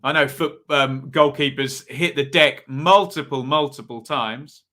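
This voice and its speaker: A man with an East Anglian accent hosts a live football watch-along, offering chatty running commentary and responding to viewers in the chat. His mid-range voice is pushed and bright, and he keeps a measured pace.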